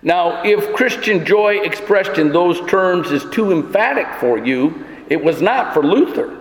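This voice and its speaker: A man with a high voice preaches a sermon, emphatic and dramatic, lifting to ringing peaks and dropping to hushed lows. His voice carries through a church with a long, echoing reverb. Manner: emphatic preaching, swings between soaring and hushed. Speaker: pastor. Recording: echoey church hall.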